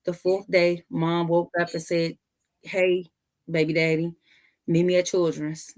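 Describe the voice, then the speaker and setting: Animated woman telling a family story. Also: fairly low pitch, unhurried. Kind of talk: casual storytelling.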